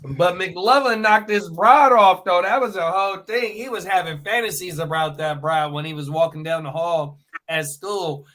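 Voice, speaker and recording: A man's voice: high-pitched, moderate pace, a bit bright. A man co-hosting a podcast in casual chat, laid-back and slangy, laughing along. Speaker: podcast co-host.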